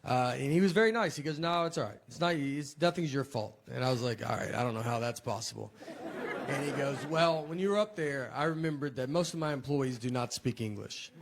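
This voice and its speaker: A middle-aged comedian, telling stories in a deadpan, self-deprecating way and laughing through them. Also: male voice, medium pitch, fairly quick. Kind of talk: casual comic storytelling. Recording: noisy background hiss.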